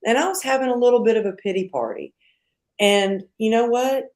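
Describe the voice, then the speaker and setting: A middle-aged woman, a podcast guest, telling a personal story in a casual, animated way and acting out the quotes. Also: fairly high pitch, fairly quick.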